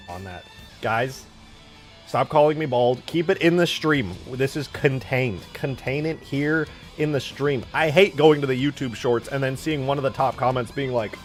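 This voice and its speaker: A young man casually chatting with his livestream chat while modding a game, joking around and swearing often. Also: mid-range voice. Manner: animated, swears often, jokey banter with chat. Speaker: streamer modding a video game.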